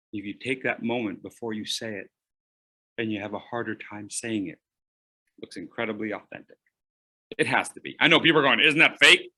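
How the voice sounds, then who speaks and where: A man coaching public speaking in an online workshop, playful, with dramatic pauses, swinging from loud to hushed. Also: mid-range voice.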